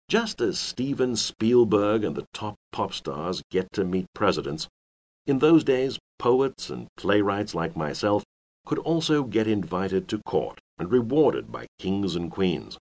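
A reflective older playwright from the Elizabethan stage reminisces in a measured first-person voice, acted by a man. The voice sits very low yet moves with lively rises and falls. It is paced evenly for a scripted listening exercise. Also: heavily acted. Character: older male Elizabethan playwright looking back.

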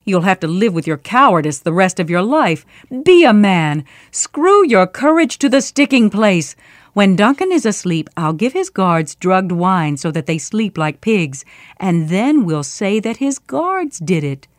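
A woman voicing a ruthless, commanding noble lady in a storybook reading, speaking in a forceful, growling manner. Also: lowish voice, very animated, unhurried, no echo, studio quality. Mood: scornful.

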